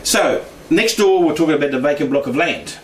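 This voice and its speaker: A man's voice: fairly high pitch, lively intonation, fairly quick. Chatty man in an echoey room. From Australia. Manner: chatty, laughs often, acts out quoted voices. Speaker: speaker sharing paranormal experiences. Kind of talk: casual storytelling talk. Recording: echoey room, distant mic, faint noise.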